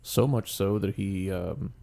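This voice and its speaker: Gravelly, foul-mouthed young man. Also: sits low, takes it slowly, dark tone. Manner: profane, rambling storyteller. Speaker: podcast co-host. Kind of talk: casual podcast chat.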